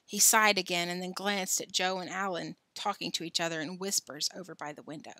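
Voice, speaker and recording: A woman reads a children's storybook aloud in a bright, clear voice. Her delivery is expressive and unhurried, with small casual asides. The sound is dry and close to the mic. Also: on the low side, dry recording. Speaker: storybook reader. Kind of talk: reading a children's novel aloud.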